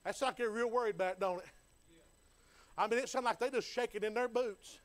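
A man's voice: very high-pitched, brisk. A man preaching a sermon in a folksy, fervent style, building in intensity. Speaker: pastor.

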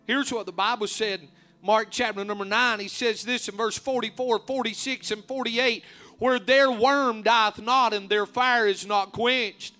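A man preaching a fervent sermon, rising to loud emphatic peaks. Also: sits high, steady tone, unhurried, faint music behind.

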